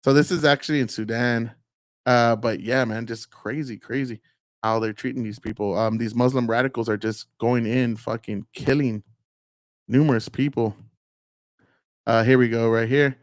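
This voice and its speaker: A man's voice: mid-range voice, fairly even intonation, moderate pace, no echo, clean studio sound. A man hosting a show, talking bluntly and profanely in a rambling, filler-heavy way. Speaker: host. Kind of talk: casual political commentary.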